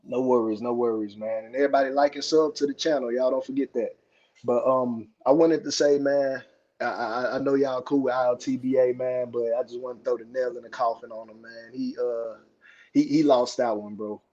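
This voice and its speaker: A man's voice: mid-range voice, fairly even intonation, brisk, darkish tone. A man calling into a live podcast, rambling through his points with plenty of fillers. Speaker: caller. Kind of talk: casual call-in commentary. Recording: dull lo-fi call line.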